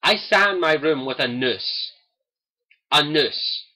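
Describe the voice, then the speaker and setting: A young man with a Scottish accent talks straight to his stream viewers in a personal monologue. His voice sits high for a man and comes out bright and forceful. He is earnest and impassioned, returning again and again to the same phrases. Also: animated, slow. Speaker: host of a gaming livestream.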